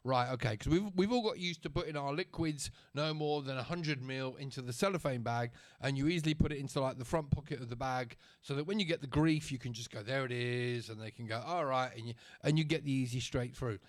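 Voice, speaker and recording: A man's voice: mid-range voice, a little fast, hardly any pauses. A man telling a story to camera in a chatty, sarcastic rant, often checking in with his listener. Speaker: vlogger.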